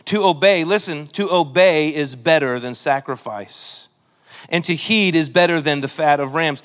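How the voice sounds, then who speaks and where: High-voiced animated male pastor. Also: normal speed. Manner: animated, acts out quotes in character voices. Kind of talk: sermon. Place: church.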